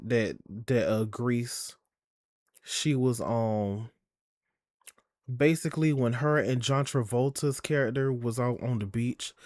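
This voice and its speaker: A man's voice: mid-range voice, dry recording, studio quality. A young man live-streaming in a sassy, chatty way, swearing a lot and calling his viewers "girl" and "y'all.". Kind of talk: casual live-stream chat.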